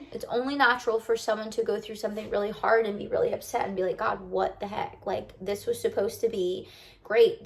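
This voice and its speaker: Chatty young woman, slightly high voice. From United States. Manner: rambling, confiding, many likes and restarts. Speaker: lifestyle vlogger. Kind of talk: casual heartfelt talk to camera.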